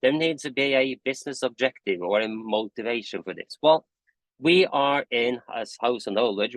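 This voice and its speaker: This man speaks at a medium pitch with a fairly bright tone, captured in a dry, rough recording. He's a standards committee convener presenting a conversational webinar over a video call, sometimes correcting himself mid-sentence and admitting he's talking fast because of coffee.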